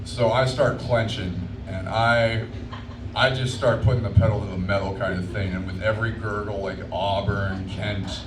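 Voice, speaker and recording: A man's voice: fairly low pitch, fairly even intonation, normal speed, loud music behind the voice. A man doing a crude, story-driven stand-up routine on a comedy club stage. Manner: crude, storytelling, builds to shouting. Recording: echoey club from far off with noise.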